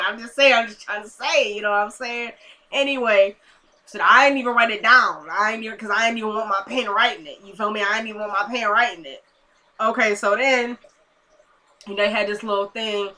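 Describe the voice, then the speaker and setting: A young woman casually recapping a TV episode in a chatty, animated way, acting out the characters' lines as she goes. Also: a little high, fairly quick. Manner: chatty, animated, retells scenes in quoted voices. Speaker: TV episode reviewer.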